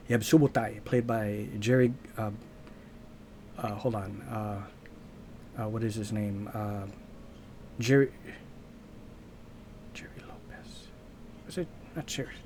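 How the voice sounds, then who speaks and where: A man talks straight to his audience in a loose, unscripted monologue. His voice is warm and mellow at an ordinary middle pitch. He rambles, restarts his sentences and stops to hunt for the word he wants. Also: slight background noise. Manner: rambling, restarts often and searches aloud for words. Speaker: channel host.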